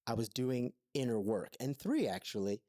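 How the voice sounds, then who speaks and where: A man's voice: mid-range voice, big pitch swings, moderate pace, dark tone, no echo, clean studio sound. A man co-hosting a podcast, telling his story in an earnest, thoughtful way in an intimate conversation. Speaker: podcast co-host.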